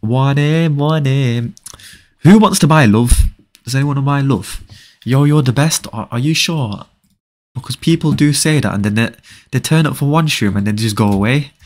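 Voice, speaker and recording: A young man at a middle pitch hosts a live game stream, reading out viewer comments and firing back playful, teasing answers. He repeats short phrases in rapid bursts and keeps the back-and-forth loose and casual.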